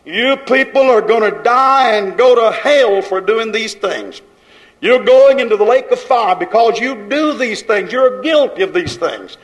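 A high-voiced man delivers a fiery sermon. He scolds his listeners in a steady, rhythmic pile-up of repeated phrases, with plain folksy grammar. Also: measured pace, low-quality recording. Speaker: preacher.

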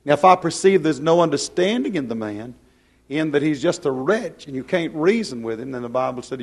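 A man preaching a plain-spoken, folksy sermon, swinging from loud to hushed. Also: medium pitch, lively intonation, normal speed.

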